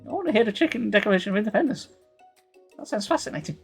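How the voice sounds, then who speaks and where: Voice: mid-range voice, lively intonation, rapid-fire, vocal fry, husky, soft background music. A streamer reading a dating game aloud live, dropping dry, sarcastic asides between the lines.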